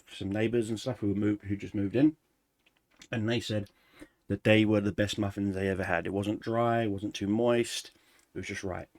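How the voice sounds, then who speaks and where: A man chatting casually through a life update for his gaming channel, rambling and relaxed, pausing to snack. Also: on the low side, no room sound. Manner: rambling, relaxed, eating snacks while talking. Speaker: gaming YouTuber.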